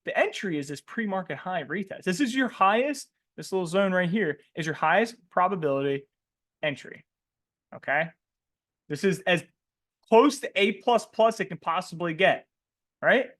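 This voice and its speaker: A man's voice: high voice, normal speed. A man coaching traders in a live webinar, asking the audience questions and tacking "right?" onto nearly every line, with a slangy, joking manner. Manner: animated, asks questions and tags "right?" constantly. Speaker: trading coach.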